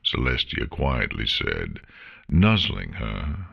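Deep slow-reading male narrator. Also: sing-song, gravelly, a bit bright, breathy edge. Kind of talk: fan fiction reading.

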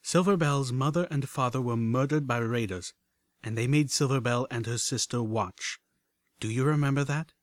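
A man reads a determined young female unicorn pony close to his own voice, quiet and insistent. Her lines sit at middle pitch in a dry, close storybook reading. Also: normal speed, no echo, natural voice.

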